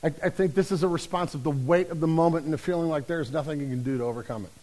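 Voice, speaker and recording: A man's voice: fairly high pitch, fast, poor audio. A man pastor preaching a conversational, humorous sermon, telling the story with acted-out voices. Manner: lively storytelling, acts out quoted voices.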